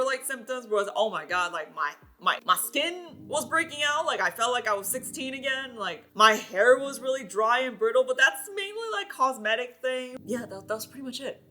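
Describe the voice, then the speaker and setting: A woman's voice: high voice, animated, normal speed, sharp tone. A young woman vlogging in a casual chat to the camera, talking freely with many fillers and frequent laughs.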